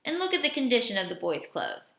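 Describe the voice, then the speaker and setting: A woman's voice: a little high, wildly swooping pitch, fairly quick, gravelly, a bit bright, voice pushed up, full character voice. Woman reading motherly woman, fussing, scolding, roomy echo. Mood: indignant. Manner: fussing, indignant, then tender.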